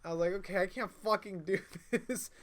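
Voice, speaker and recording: His voice sits high, with fairly even intonation, a brisk pace and a fairly bright tone. The man, a podcast co-host, rambles through a long casual story among friends, swearing freely, acting out both roles in the dialogue and laughing mid-sentence.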